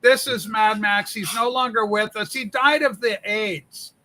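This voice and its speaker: A man's voice: high voice, steady tone, a little slow, bright, forceful tone. A man playing Rachel, a flamboyant, gossipy woman who fusses and scolds in mock scandal during comedic livestream banter. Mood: fond. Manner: campy, chatty, mock-scandalized.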